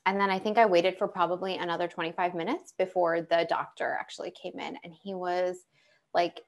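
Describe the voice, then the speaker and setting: This young adult woman's voice is fairly low, flat, and brisk as she shares her own story on a panel. It comes out as a chatty personal account full of fillers and restarts.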